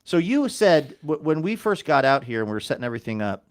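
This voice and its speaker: A man's voice: fairly high pitch, big pitch swings, quick pace, clean tone. Joking podcast host, a man mid-ramble. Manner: joking, rambling, self-interrupting. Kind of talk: casual chat.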